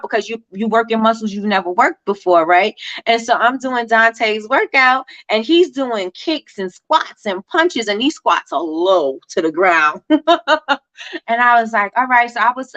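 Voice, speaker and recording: Woman host, lively motivational chat; bright voice, dry slightly muffled recording. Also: fairly high pitch, no echo. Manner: animated, motivational, talks to viewers. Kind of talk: casual live chat.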